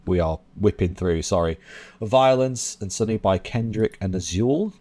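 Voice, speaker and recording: Lively, low-voiced man giving blunt verdicts. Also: normal speed, very noisy. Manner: chatty and blunt, with frequent fillers and laughs. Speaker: host reviewing new drum and bass releases. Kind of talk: casual commentary. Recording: music playing under the voice.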